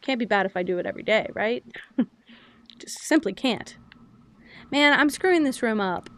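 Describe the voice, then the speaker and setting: A woman's voice: fairly high pitch, quick pace. A young adult woman streamer chatting casually and openly while she plays a game. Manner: chatty, animated, self-described loud and yappy. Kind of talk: casual chat while gaming.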